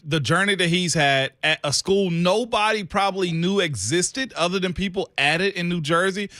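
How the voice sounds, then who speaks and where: A man's voice: high-pitched, normal speed, bright, forceful tone, dry recording. A man hosting a sports radio show in a studio, rambling with stumbling restarts. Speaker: radio host. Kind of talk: casual sports radio chat.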